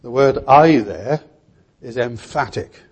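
A man's voice: mid-range voice, slow, breathy edge. An older man preaching a sermon in an earnest, emphatic way, repeating key words.

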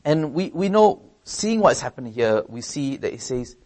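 A man's voice: big pitch swings, a little slow, hardly any pauses, darkish tone. Male preacher giving a sermon, earnest, presses on key words, often restarts phrases. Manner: earnest, rises in pitch and volume for emphasis.

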